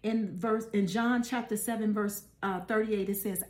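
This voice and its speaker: A woman's voice: medium pitch, steady tone, moderate pace, hardly any pauses. Earnest woman preaching to listeners. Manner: repeats phrases, calls listeners "baby" and "guys"; earnest, exhorting. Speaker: podcast preacher. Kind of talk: conversational preaching.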